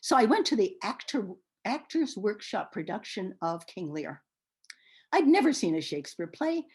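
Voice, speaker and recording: An older woman with a husky, slightly breathy voice recalls her past for an oral history. Her pitch rises and falls a great deal as she gets swept up in her memories, and she pauses and restarts often. The talk is unscripted and personal. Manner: animated and expressive, often hesitant with fillers.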